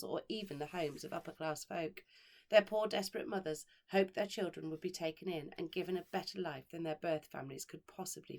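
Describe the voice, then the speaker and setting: A woman who teaches primary school, reading a children's story aloud with expressive delivery and dramatic pauses. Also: low-pitched. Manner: expressive, dramatic pauses, slows on key words.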